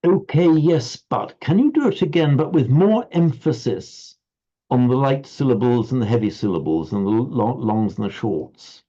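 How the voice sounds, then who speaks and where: A man's voice: mid-range voice, lively intonation, dark tone. Patient male teacher on a dull call. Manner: patient, explanatory, halting restarts. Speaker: Sanskrit recitation teacher. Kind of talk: online class instruction. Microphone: video call.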